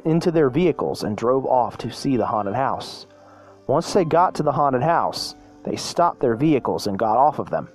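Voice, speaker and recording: Stumbling man reading a story. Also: mid-range voice. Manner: stumbling, self-correcting, hesitant. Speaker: podcast host. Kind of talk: casual reading of a fan story.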